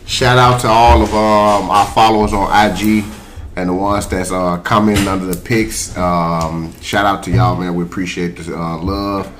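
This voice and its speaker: A man's voice: low-pitched, steady tone, moderate pace, fairly bright tone, slight background noise. A man co-hosting a podcast in casual chat, profane and joking, laughing often. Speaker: podcast co-host.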